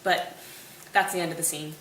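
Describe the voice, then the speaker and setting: A woman's voice: sits low, steady tone, normal speed, a bit bright, recorded from a distance. Chatty, wry woman in a roomy room. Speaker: student summarizing a play. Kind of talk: casual retelling. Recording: roomy, off-mic, faint hiss.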